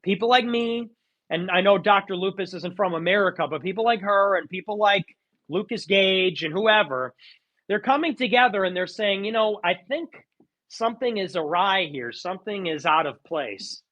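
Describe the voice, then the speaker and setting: A man with a high, bright, sharp-edged voice ranting in a live audio chat. His talk is sarcastic and mocking, with sudden theatrical outbursts. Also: moderate pace, muffled recording. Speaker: streamer.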